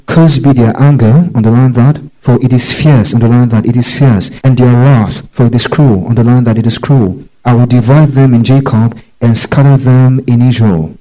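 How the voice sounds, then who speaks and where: A man's voice: medium pitch, warm tone, rough recording. A man teaching a Bible study, reading verses aloud and telling listeners which words to underline.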